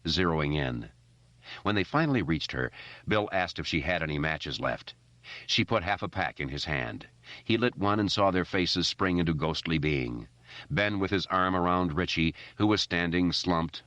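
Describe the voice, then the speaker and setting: A man narrating an audiobook in a steady, measured reading. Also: extremely low pitch, dry recording. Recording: dry, slightly muffled recording.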